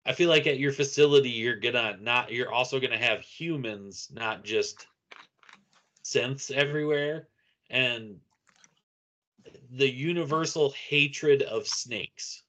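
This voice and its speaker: Man, podcast co-host, rambling, animated, bright voice, slow pace. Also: medium pitch. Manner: animated, rambling, laughs at own jokes. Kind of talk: casual chat.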